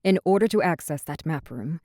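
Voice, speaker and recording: A woman reads an impatient king in a fantasy audiobook, quick and fed up. Her low voice is recorded close and dry. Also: lively intonation, darkish tone, dry recording. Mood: exasperated. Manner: exasperated, quick. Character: impatient middle-aged male king.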